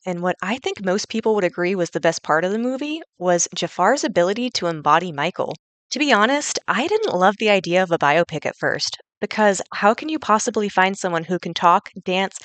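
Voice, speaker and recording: A woman's voice: medium pitch, dry recording. A young woman reads her scripted review in an earnest, enthusiastic way, voice sitting in a middle register. The sound is dry and close, recorded at home into a gaming headset with no room around it. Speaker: fan reviewer.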